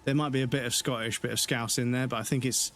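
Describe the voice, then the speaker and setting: A man's voice: medium pitch, steady tone, quick pace, a bit bright, a little hiss or hum. A man from the UK giving casual, rambling commentary while live-streaming a game, with many hesitations.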